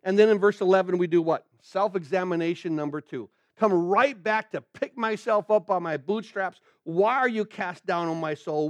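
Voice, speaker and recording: A man's voice: high voice, dry recording. A man preaching a verse-by-verse sermon as a pastor, earnestly quizzing his listeners with questions he answers himself. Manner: asks the room rhetorical questions and answers them. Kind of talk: sermon, verse-by-verse Bible teaching.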